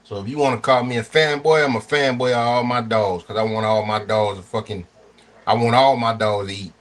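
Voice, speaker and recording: A man's voice: mid-range voice, fairly even intonation, a little fast, fairly bright tone. A truck-driving man bantering on a livestream in a profane, slangy, joking way.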